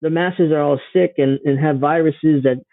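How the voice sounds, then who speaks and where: A man's voice: a little high, fairly even intonation, moderate pace, no echo, phone-quality sound, close to an everyday voice. A man putting on the voice of a frightened, sheltered person who whines and pleads mockingly. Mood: mock fearful. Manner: mocking, whimpering.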